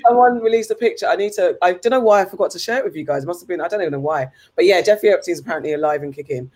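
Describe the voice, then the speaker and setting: Casual podcast co-host, mid-pitched, rambling, laughs a lot. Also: very fast, darkish tone. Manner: rambling, chatty, laughs often. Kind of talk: casual chat.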